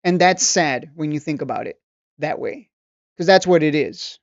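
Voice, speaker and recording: A man's voice: a little high, moderate pace, no echo. Guy ranting about traders, preachy and mocking, keeps repeating himself, kinda dull dry lo-fi audio. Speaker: trading coach and channel host. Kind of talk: casual ranting video monologue. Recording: dull, slightly lo-fi dry recording.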